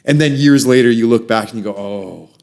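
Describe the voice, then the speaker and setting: A man's voice: mid-range voice, fairly quick, creaky, a little mellow. A man hosting a podcast, reflecting earnestly and thoughtfully on what his guest said. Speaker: podcast host.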